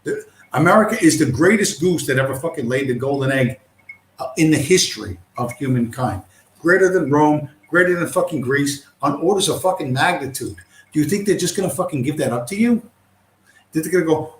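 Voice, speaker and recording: A man's voice: fairly high pitch, animated, brisk. A man hosting a livestream, ranting in a profane, scornful and combative way. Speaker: livestream host. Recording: roomy echo.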